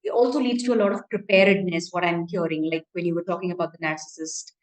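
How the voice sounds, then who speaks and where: A woman hosting an interview as a coach, reflectively summing up her guest's points in a warm, appreciative way with frequent fillers. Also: fairly low pitch, fairly even intonation, quick pace, reverberant, poor audio. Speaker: host, happiness coach. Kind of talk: interview host summarizing.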